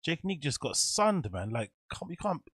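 A man's voice: a little high, big pitch swings, moderate pace, a bit bright, breathy edge, no room sound, studio quality. A man streaming casual reaction commentary, incredulous and laughing often.

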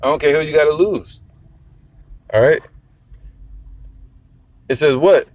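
Fairly high-voiced man, blunt street preacher, emphatic and profane, slow on scripture. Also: dry recording. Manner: blunt, cursing, emphatic, reads scripture slowly.

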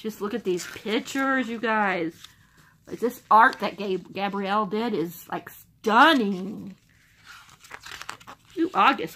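A young woman unboxing a book subscription box in casual chat, gushing and excitable. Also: medium pitch, slight background noise. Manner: gushing, excitable, repeats "oh my gosh".

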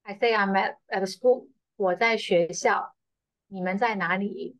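Slow, patient woman teaching Chinese. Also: mid-range voice, dry recording. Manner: patient, repeats phrases, frequent fillers. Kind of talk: slow, repetitive online language lesson. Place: school. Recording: slightly dull, dry lo-fi sound.

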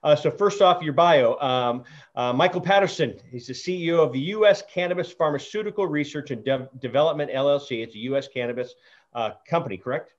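A chatty man hosting an interview show, speaking in a halting way with many fillers and restarts. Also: fairly high pitch. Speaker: show host. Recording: dull lo-fi audio.

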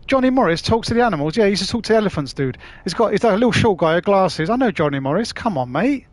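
This Cockney livestreamer from London talks to viewers casually and matily while gaming, swearing freely. His high voice is expressive and very fast, on a dry recording.

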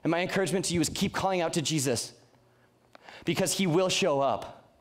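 A man's voice: a little high, brisk. A young man preaching a youth sermon in an earnest, conversational way, often restarting his sentences. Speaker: youth pastor.

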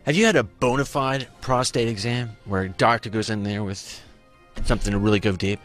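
A man co-hosting a podcast, answering in a calm, measured and skeptical way. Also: fairly low pitch, soft background music. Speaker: podcast co-host. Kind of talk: casual chat.

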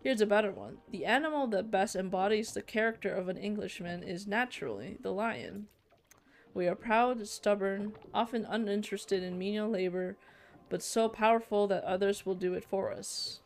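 A smug sea patrol leader in a narrative game boasts of his work with quiet menace, as a woman reads him out in her own voice. The delivery is even and self-satisfied. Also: mid-range voice, moderate pace, lightly acted.

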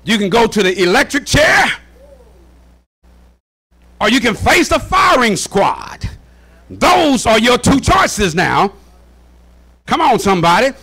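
A man preaching a fervent sermon in a church, often shouting and repeating "watch this" to rally the congregation. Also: very high voice, big pitch swings, takes it slowly, creaky, long pauses, slightly rough. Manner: shouting, repeats "watch this", folksy call-and-response. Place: church sanctuary.

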